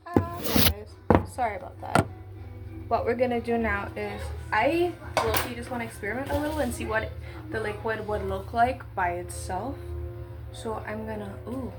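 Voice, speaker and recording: A woman's voice: fairly high pitch, moderate pace, music in the background. A woman chatting casually as she bakes, with cheeky slangy asides. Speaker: baking vlogger. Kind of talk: casual baking vlog.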